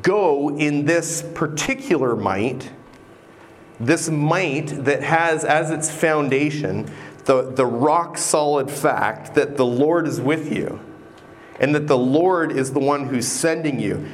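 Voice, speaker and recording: A man preaching a sermon in a slow, deliberate way, pausing often and repeating words for emphasis. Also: on the high side. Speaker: pastor.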